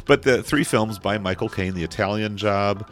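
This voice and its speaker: A man hosting a film podcast in a relaxed, rambling way, with many fillers. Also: fairly low pitch, moderate pace, soft background music. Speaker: podcast host. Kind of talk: casual film discussion.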